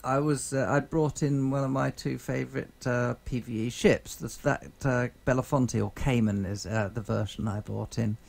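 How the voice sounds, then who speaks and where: A man streaming a space survival game, talking casually in a halting, rambling way full of fillers and restarts. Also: mid-range voice, steady tone, creaky, a little mellow. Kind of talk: casual gameplay chat. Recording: noisy game sound behind the voice.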